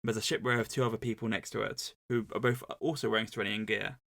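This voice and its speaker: A man's voice: lowish voice, fairly even intonation, fast, gravelly, a bit bright. A man co-hosting a casual book club podcast, retelling the plot in a rambling, chatty way. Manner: rambling, chatty retelling with many fillers and restarts. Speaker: podcast co-host.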